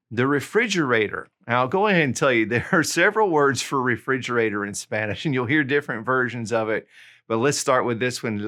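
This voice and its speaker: A man gives a relaxed online language lesson in a middle-pitched voice. He speaks casually and warmly to his viewers, and he slows down to say each new word carefully, then says it again. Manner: slow, deliberate repetition of words; friendly, casual teaching. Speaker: Spanish tutor.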